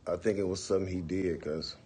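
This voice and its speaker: This livestream host speaks at a quick pace in a low, mellow, slightly rough voice with fairly even intonation. Over his phone, he tells viewers stories in a laid-back, profane manner, often using "for real" and "you know what I'm saying."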